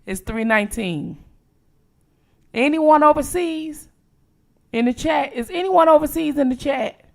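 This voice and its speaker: A woman from Detroit hosting a late-night livestream, chatting casually with viewers and reacting quickly to each comment. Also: high voice, gravelly. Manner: animated, reads out viewer locations with quick reactions. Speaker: livestream host.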